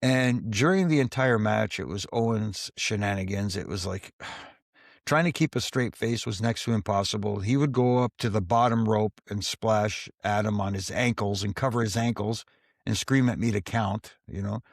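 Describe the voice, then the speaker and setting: Ex-referee guest, male, gravel in the voice, dry close sound, spins anecdotes with acted-out dialogue. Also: on the low side, moderate pace, no room sound. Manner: storyteller who acts out quoted dialogue in his tales. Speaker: former wrestling referee, interview guest. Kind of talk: casual anecdotal storytelling.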